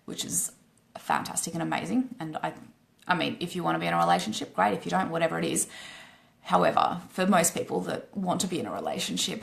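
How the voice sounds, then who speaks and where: Gravelly-voiced woman coach, blunt. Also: on the low side. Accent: Australian. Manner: blunt and swearing, frequent "right?" tags. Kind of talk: casual live stream sales pitch.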